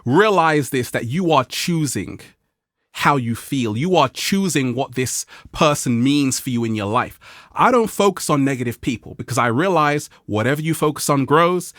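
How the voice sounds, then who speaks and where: Speaking at normal speed, a man hosts a motivational vlog, playful and lively with his viewers, frequently laughing and imitating quoted people in a high voice. It's studio quality with no echo.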